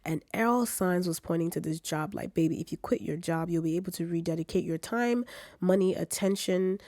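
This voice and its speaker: A woman in her twenties with a British accent who has a cold, telling her story in a casual, animated vlog and acting out her own quotes. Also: moderate pace, no echo, studio quality. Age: 20s. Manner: animated, acts out her own quotes with big pitch jumps. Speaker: vlogger.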